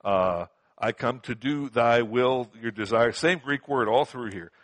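Male Bible teacher, mid-pitched, conversational, emphatic repetitions, dry close sound. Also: a little slow, dry recording. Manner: conversational, repeats words for emphasis; frequent fillers and rhetorical questions.

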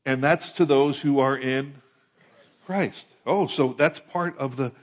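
A man's voice: mid-range voice, takes it slowly, lo-fi sound. A man from the United States preaching a sermon as pastor, conversational and often asking his listeners questions. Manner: conversational, asks the congregation questions.

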